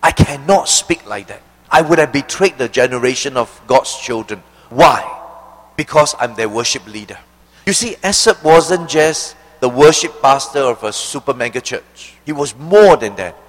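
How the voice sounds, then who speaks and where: A male preacher giving an expository sermon, asking rhetorical questions and slowing down to stress key phrases. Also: mid-range voice, animated, big-room sound, low-quality recording.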